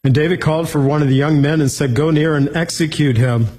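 A man's voice: fairly high pitch, a little fast, darkish tone, slightly rough, rough recording. A man giving a verse-by-verse Bible teaching, reading scripture aloud and then explaining it plainly.

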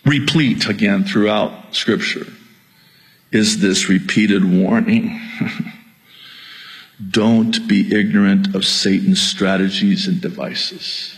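Slow emphatic male preacher. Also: fairly low pitch, low-quality recording. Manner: emphatic, climbs to near-yelling then calms with self-aware humor; addresses congregation as "you guys". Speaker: pastor. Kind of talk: sermon.

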